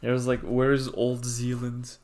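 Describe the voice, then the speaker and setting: A man's voice: mid-range voice, monotone, unhurried, noisy background. A man hosting a podcast, telling stories in casual chat and chuckling often. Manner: storytelling, chuckles often, slight restarts.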